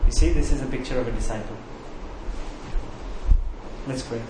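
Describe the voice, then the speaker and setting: A man preaching a sermon as pastor, emphatic, repeating key phrases and slowing down on them. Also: mid-range voice, very noisy. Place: church sanctuary. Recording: very echoey hall, faint ambience.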